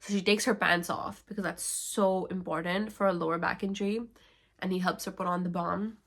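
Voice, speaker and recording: Wry, sarcastic woman with a low voice. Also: fairly even intonation, brisk, a bit bright. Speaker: book vlogger. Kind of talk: casual book-summary vlog.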